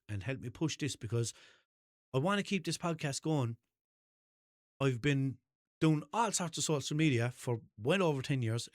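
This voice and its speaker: A man's voice: mid-range voice, no room sound. Limerick irish guy rambling on his podcast, swears a lot, dry close sound. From Limerick, Ireland. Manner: rambling, swears freely, laughs at himself. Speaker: podcast host. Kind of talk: casual solo podcast chat.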